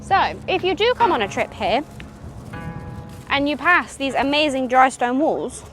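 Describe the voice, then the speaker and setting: A woman's voice: high voice, very animated, a little slow, a bit bright, faint music behind. A woman from England chatting playfully on an outdoor countryside walk, teasing her partner. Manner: playful, teasing, breaks into song. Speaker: travel vlogger. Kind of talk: casual chat on a walk.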